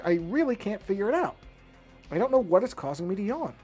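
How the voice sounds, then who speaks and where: A man's voice: high-pitched, sing-song, fairly quick, a little mellow, husky, soft background music. A man chatting casually while working on a digital drawing, rambling and correcting himself as he thinks aloud. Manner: rambling, self-correcting, apologetic about yawning. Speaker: artist streaming his drawing.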